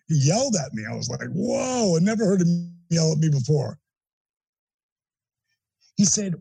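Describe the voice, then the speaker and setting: Husky, high-voiced man telling a story. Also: normal speed, long pauses, no echo, rough recording. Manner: animated, emphatic storyteller with profanity. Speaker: interview guest. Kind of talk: storytelling in an interview.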